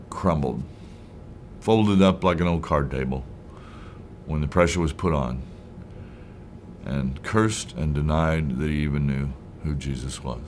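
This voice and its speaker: A man's voice: sits low, measured pace, pauses often, slight background noise. A man teaching a Bible study in a conversational way, retelling scenes and voicing the people in them.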